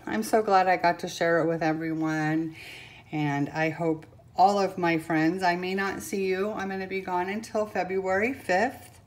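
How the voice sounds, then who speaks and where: An older woman filming a casual unboxing vlog at home on her camera, gushing and sentimental, pausing often and filling gaps with "um". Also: on the low side. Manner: gushing and sentimental, with many pauses and fillers. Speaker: vlogger. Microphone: camera mic.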